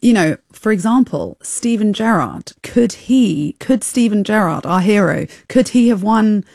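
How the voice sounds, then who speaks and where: A woman's voice: medium pitch, expressive, measured pace, gravelly, a little mellow, no echo. A woman speaking as a studio guest in a radio discussion, chatty and musing, with many hedges and fillers. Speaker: studio guest, football fan.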